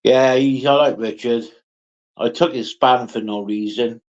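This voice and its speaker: A man talks to his viewers on a casual livestream at an unhurried, drawn-out pace, swearing freely as he answers them one by one. The sound is dull and lo-fi, as if caught on a phone. His pitch sits at an ordinary middle height. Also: steady tone, a little mellow. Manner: slow, sweary, chatty, answering comments by name. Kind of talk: casual live chat.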